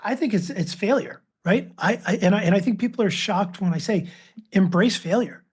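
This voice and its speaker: A man's voice: high voice, expressive, a little fast, breathy edge. A man in his fifties, a father and author, telling stories as a guest in a casual podcast interview. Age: 50s. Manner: anecdotal, acts out quoted voices.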